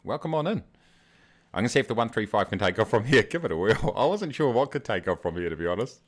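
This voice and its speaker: A man's voice: on the low side, very animated, fast. A man with a New Zealand accent hosting a casual livestream, joking and greeting his viewers by name. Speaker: livestream host.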